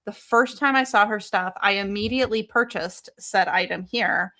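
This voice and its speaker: A woman's voice: medium pitch, normal speed, sharp tone, no room sound. Giggly young woman co-hosting a stream. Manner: giggly, easygoing banter. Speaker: podcast co-host. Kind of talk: casual livestream chat.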